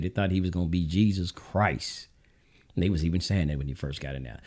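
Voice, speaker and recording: A man's voice: low voice, fairly quick, warm tone. Blunt Southern man lecturing viewers. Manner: blunt, preachy, addresses viewers directly. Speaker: show host. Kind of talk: political commentary monologue.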